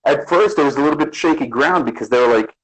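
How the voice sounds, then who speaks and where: Fast and slightly high, his voice comes through a low-quality recording. A guest artist from the Bronx, New York, he talks casually in an interview, telling lively stories and acting out the quotes.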